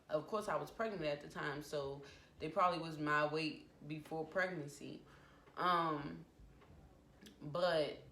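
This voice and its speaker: Woman, 20s, vlogger, emotional storytime with acted quotes; lowish voice, roomy echo. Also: pushed and bright. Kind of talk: personal storytime vlog. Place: home room. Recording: echoey room with faint background noise. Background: family noise from downstairs.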